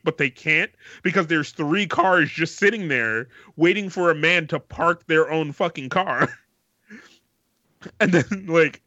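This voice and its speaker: A man co-hosting a podcast, telling a story in casual chat, animated, swearing and laughing as he goes. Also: a little high, no room sound, lo-fi sound. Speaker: podcast co-host.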